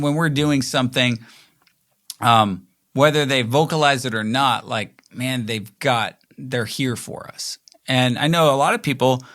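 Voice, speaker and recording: Bright-voiced man in his forties musing casually. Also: medium pitch. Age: 40s. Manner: rambling, frequent "like" fillers, mimics quoted voices. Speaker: podcast host. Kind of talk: casual reflective monologue.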